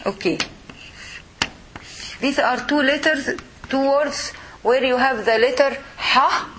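A woman with a somewhat high voice leads a lesson in a mosque. She is patient and repetitive, modeling each sound slowly for her students. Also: background noise. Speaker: Arabic teacher. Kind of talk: classroom lesson.

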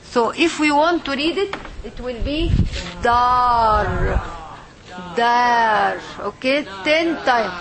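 Crowd noise surrounds a high, animated female voice that's a little slow yet hardly pauses. The language teacher leads her group of students through the lesson, patiently modelling sounds and checking "okay?".

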